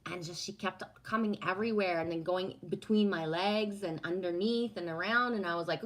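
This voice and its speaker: Low-voiced woman rambling on a livestream, cussing a lot, reading chat. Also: normal speed, few pauses. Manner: rambling, swears freely, acts out voices with laughs. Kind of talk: casual chat.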